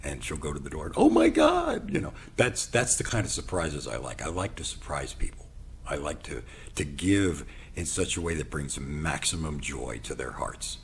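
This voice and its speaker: A man hosting his own show, telling a personal story in an animated way and acting out the dialogue. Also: very deep voice, moderate pace, a little hiss or hum. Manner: animated, acts out quoted dialogue. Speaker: podcast host.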